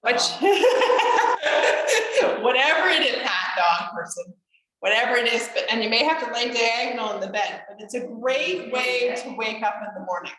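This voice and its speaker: A woman's voice: fairly high pitch, normal speed, a crowd in the background. A woman leading a guided chair yoga class, encouraging and chatty. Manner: encouraging, chatty, laughs often. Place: community class room. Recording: echoey room, voice from far off mic.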